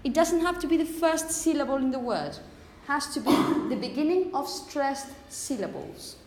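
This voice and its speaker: A woman whose first language is Spanish teaches a phonetics class, her voice a little high. She explains step by step and keeps checking in with the students. The room is echoey, with faint background noise. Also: animated, moderate pace, a little mellow. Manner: explanatory, checks in with "okay?" often. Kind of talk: classroom lecture.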